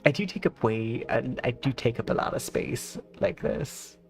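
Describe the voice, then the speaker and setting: A man's voice: mid-range voice, lively intonation, moderate pace, gravelly, soft background music. Chatty man with a lisp. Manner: rambling, filler-heavy, chatty. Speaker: streamer. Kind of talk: casual stream chat.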